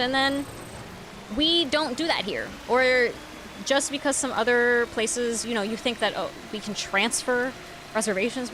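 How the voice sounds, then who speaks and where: A woman streamer chatting casually while gaming, ranting with lots of swearing and sudden loud outbursts. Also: a little high, background noise. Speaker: game streamer.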